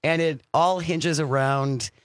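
A man's voice: fairly high pitch, steady tone, no echo. A man hosting a radio talk show, chatting casually and upbeat in the studio. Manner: upbeat, chatty, reads phone number slowly. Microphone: studio microphone.

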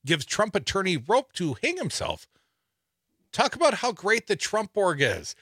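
Wry, lively talk radio man. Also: high voice, a little slow, slightly rough, no echo, clean studio sound. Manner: wry, laughs while reading. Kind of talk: sarcastic news commentary. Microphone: studio microphone.

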